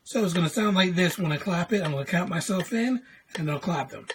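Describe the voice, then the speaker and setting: A woman teaches a music lesson to the camera, walking through note values step by step and counting in before she chants the rhythm. Her voice sits a little low. A faint hiss runs under the recording. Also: lively intonation, a little fast. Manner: patient explaining, counting in and chanting syllables. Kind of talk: classroom lesson video.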